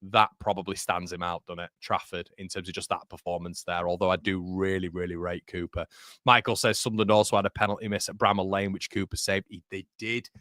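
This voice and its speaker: A young man hosts a live football watchalong and talks casually while reading out viewers' comments, often repeating himself. His voice is bright and forward, and the sound is dry and close. He sounds tired after hours of streaming. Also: sits low, flat delivery, brisk, no room sound. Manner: chatty, reads out viewer comments; repeats words and restarts. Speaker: football channel host. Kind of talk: live match watchalong chat.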